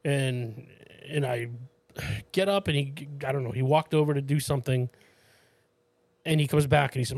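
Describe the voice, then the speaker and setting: A man's voice: moderate pace, vocal fry, no room sound. A man co-hosting a podcast, telling a story in casual chat and acting out the people in it, with casual swearing and many restarts. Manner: animated storyteller, acts out quoted people in a higher voice. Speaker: podcast co-host.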